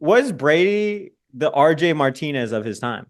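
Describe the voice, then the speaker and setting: A man's voice: fairly high pitch, sing-song, normal speed. A young man, co-hosting a sports podcast and telling long stories with plenty of swearing. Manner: profane, rambling storyteller. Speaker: podcast co-host. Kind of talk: casual sports podcast chat. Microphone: podcast microphone.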